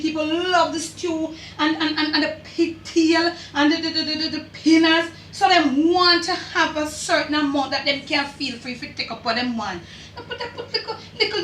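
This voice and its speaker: A woman's voice: sits high, reverberant, slight background noise. Chatty older Jamaican woman cooking. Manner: chatty, directs the camera, lively patois asides. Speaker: cooking channel host. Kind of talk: home cooking demonstration. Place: home kitchen.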